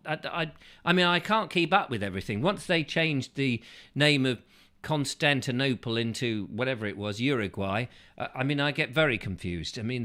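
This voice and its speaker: A man's voice: medium pitch, a bit bright. A man hosting a casual show, reading out viewer comments in a playful, rambling way that keeps slipping into silly voices. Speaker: host.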